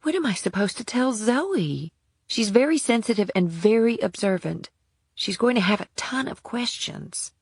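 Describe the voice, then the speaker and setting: A trembling young mother, as a man puts her on in a whispered role-play, pitched far up and set back from the mic. She talks in a frantic, worried rush. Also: lively intonation, moderate pace, husky, no room sound, studio quality, full character voice. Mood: upset. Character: frightened young mother, anxious woman.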